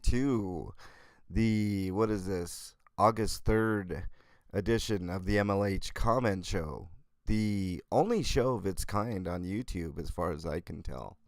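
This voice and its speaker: A man hosting a casual live-stream show in a groggy morning voice, greeting chat viewers by name with a relaxed, filler-heavy way of talking. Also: low voice, no echo, studio quality. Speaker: livestream host.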